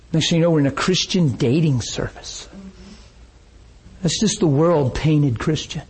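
Man preaching an animated sermon. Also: on the high side, unhurried, slightly rough, rough recording. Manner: animated storytelling, acts out quoted voices. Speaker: pastor.

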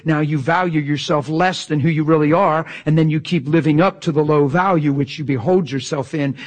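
A man preaching a sermon with passion, swinging from loud exclamations to near-whispers. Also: on the high side.

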